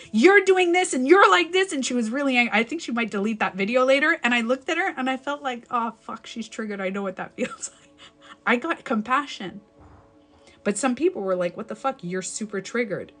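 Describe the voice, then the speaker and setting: A woman's voice: mid-range voice, fairly bright tone. Candid swearing woman life coach, emphatic. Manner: rambling with self-corrections. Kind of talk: live-stream advice talk.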